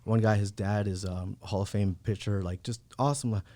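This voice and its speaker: A man's voice: on the low side, fairly even intonation, brisk, mellow. Laid-back man telling a story. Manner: laid-back, peppered with "bro" and "like". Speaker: podcast guest, real estate agent. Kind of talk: casual personal storytelling. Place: podcast studio.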